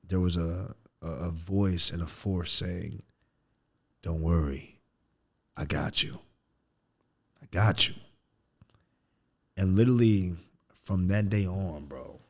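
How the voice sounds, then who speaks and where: A man in his thirties, a podcast guest, telling a story in casual chat, animated and throwing in "bro" a lot. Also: low-pitched. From United States. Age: 30s. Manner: animated storyteller, acts out quotes loudly, says "bro" often.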